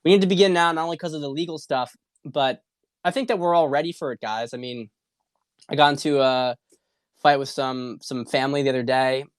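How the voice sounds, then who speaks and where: A man's voice: medium pitch, fairly even intonation, brisk, clear, resonant tone, dry recording, clean studio sound. A man hosting a political talk stream, ranting in a rambling, repetitive and profane way with a lot of heat. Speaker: political commentary host. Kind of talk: casual livestream monologue.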